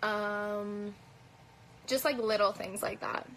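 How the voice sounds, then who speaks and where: Poor audio captures a woman with a faint Canadian accent doing a casual live Q&A on her phone at arm's length, replying to comments bluntly, profanely, and with many "um"s and "like"s. Her medium-pitched, fairly bright voice is slow and fairly even in intonation.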